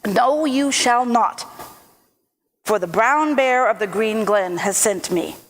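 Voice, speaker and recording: A woman's voice: fairly high pitch, slow pace, in a large hall, a little hiss or hum. A woman voicing a hesitant, polite young prince in a told folk tale.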